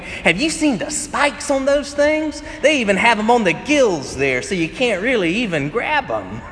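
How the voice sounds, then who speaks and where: A man's voice: high voice, fairly bright tone, a little hiss or hum. A pastor giving a conversational sermon, a man who tells stories and laughs often as he preaches. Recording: echoey hall with faint ambience.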